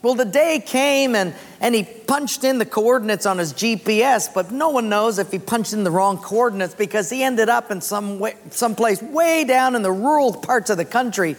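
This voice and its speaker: A pastor delivers a sermon in a large auditorium, shifting into conversational, animated storytelling. The voice carries a long reverb that trails through the hall, and the pitch sits in a middle register. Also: moderate pace, few pauses.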